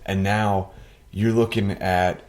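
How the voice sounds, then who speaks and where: Fan co-host, man with a fairly low voice, lively and jokey, chatting casually about his team. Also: slow. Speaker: sports podcast co-host. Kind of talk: casual sports chat.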